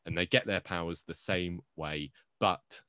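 A man with a low voice co-hosts a movie podcast, talking in loose, rambling, jokey chat. His voice sounds dry and close to the mic, with no room echo. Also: fairly even intonation, unhurried, bright, forceful tone, clean tone. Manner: rambling, jokey, self-interrupting. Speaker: podcast co-host.

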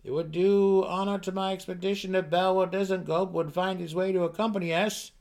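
A man reading aloud, voicing a male deep gnome official who speaks formally and presses an invitation in a loud, raised voice. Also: steady tone, a little fast. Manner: loud, high-pitched and formal.

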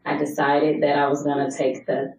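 Low-voiced chatty woman, roomy echo. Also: little pitch movement, moderate pace, darkish tone. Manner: chatty, long-winded storytelling. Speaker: podcast guest, policy advocate and realtor. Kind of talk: casual podcast chat. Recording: roomy echo, distant mic.

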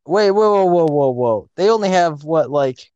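A man's voice: a little high, animated, normal speed, darkish tone, dry recording, lo-fi sound. A young man hosting a casual chat podcast, rambling and restarting his words on a cheap mic. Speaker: podcast host. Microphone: cheap mic, said to be bad.

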